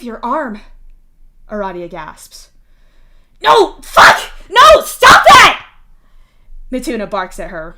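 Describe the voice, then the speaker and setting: A woman narrating a fanfiction chapter aloud in a steady, even voice. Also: medium pitch. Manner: steady second-person narration. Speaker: fanfiction reader.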